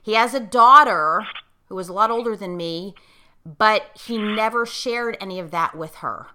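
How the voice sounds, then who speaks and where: A woman's voice: mid-range voice, normal speed, sharp tone. A middle-aged woman in casual conversation, talking like a coach with emphasis and checking in with her listener, and getting choked up as she tells a personal story. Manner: gets choked up while telling a moving story.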